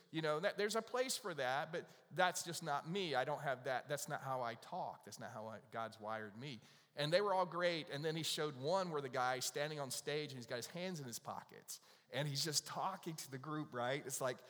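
A man's voice: medium pitch, fairly bright tone. A man preaching a sermon, talking in a conversational, storytelling way and putting questions to the audience. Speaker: pastor. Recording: long hall reverb.

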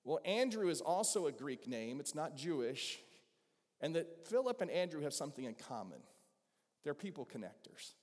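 A Southern man preaching to his church in an easy, conversational way, often turning questions out to the people in the pews. His voice sits a little high for a man. It rings out with the long reverb of a large sanctuary. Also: big pitch swings, normal speed, a little mellow. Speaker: pastor. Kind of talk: sermon.

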